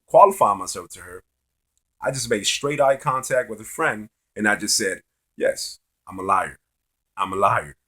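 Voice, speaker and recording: Dating vlogger, male: brash and bright, swears freely, rambling anecdote style. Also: medium pitch, slightly rough. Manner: profane, loose, repetitive. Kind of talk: casual storytelling monologue.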